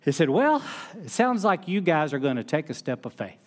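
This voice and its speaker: A man's voice: a little high, very animated, brisk. A middle-aged male pastor, preaching a sermon in a conversational storytelling way. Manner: conversational storytelling with laughs and acted-out quotes.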